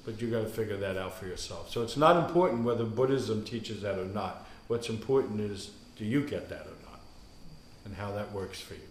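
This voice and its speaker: A Buddhist monk, a man, calmly explaining his view on a panel. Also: on the low side, brisk, slight background noise. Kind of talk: panel discussion talk. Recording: roomy echo.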